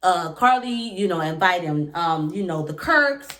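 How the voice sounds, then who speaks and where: A woman giving a casual, animated reaction recap of a reality show, talking fast with lots of fillers and asides. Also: on the low side.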